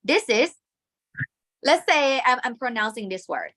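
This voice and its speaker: A Thai-accented woman leads a live language lesson, her fairly high voice swooping through a wide range as she models tones. She speaks slowly and carefully, with a bright, crisp edge to her sound. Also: sing-song. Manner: demonstrates tones by singing syllables, checks in with "okay?".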